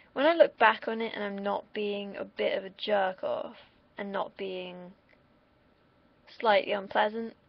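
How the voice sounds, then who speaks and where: A woman's voice: mid-range voice, creaky, muffled recording. A young woman from the UK, vlogging in a casual, rambling monologue that wanders off on tangents, with the odd swear word. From United Kingdom.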